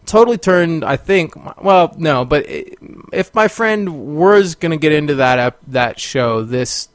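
A man's voice: on the high side, lively intonation, a little slow, no room sound. A man hosting a podcast, telling a story in a casual monologue, rambling with fillers and bursting into exclamations. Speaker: podcast host.

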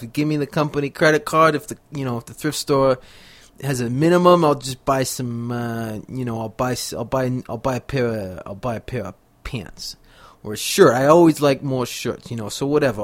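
A man's voice: mid-range voice, close to an everyday voice. A man putting on an accent to play a pushy office worker nagging his boss, laughing as he goes.

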